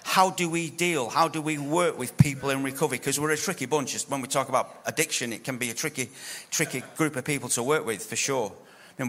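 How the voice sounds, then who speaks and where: A man introducing a guest speaker at a church conference in a relaxed, joking way. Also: mid-range voice, long reverb tail.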